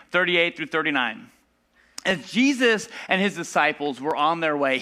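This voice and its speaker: This man's voice is a little high, sounding pushed and bright. He's a pastor giving a laid-back sermon in church, full of fillers, chatting conversationally and voicing the Bible characters in his story.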